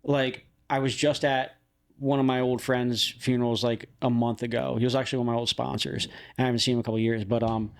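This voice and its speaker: A young man talks casually as a podcast host, circling back and restarting his sentences as he goes. He laughs often and keeps a loose, conversational flow at an everyday middle pitch. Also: level tone, quick pace. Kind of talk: casual chat.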